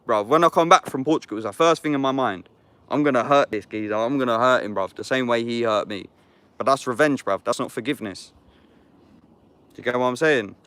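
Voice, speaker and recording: A man's voice: mid-range voice, fairly bright tone. A man of about thirty, vlogging casually outdoors in the woods, reading scripture aloud and reflecting on it in slangy, sweary street talk. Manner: slangy street talk, swears often, calls the listener "bruv". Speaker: YouTuber.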